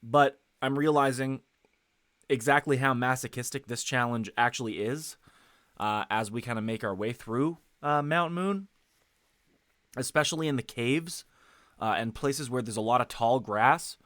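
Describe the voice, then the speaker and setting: A man's voice: mid-range voice, measured pace, a bit bright, no room sound. Rambling male game streamer, dry mic. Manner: rambling, self-correcting, lots of fillers. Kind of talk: casual gameplay commentary. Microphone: headset.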